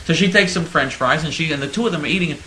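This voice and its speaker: A man's voice: a little high, rapid-fire, pushed and bright, reverberant, a little hiss or hum, rough recording. A man hosting a talk radio show, telling stories in a mock-naive, sarcastic way. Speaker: radio host.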